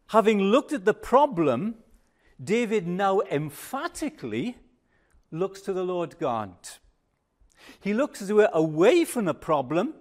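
Slow, high-voiced older male preacher. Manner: slow, measured preaching with emphatic rises and hushed pauses. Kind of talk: sermon.

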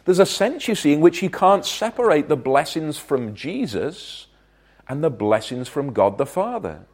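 A man from Wales delivers a sermon in an earnest, emphatic way, with a voice pitched a little above the usual for a man. He builds to loud declarations and then drops to quiet, weighty asides. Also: sing-song, moderate pace. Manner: earnest, emphatic, rising and falling in loudness. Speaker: preacher.

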